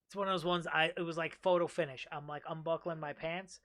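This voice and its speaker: A young man chats casually as a host, spinning a story with lots of energy and plenty of swearing. His voice is bright and forward, pitched a bit high for a man. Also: quick pace. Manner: animated storyteller, swears freely, acts out quoted voices. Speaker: podcast host. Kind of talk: casual chat.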